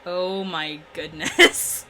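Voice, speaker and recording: A woman gaming YouTuber giving excitable, giggly let's play commentary and gushing over the story as she plays. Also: on the low side, drawn-out words, a little hiss or hum.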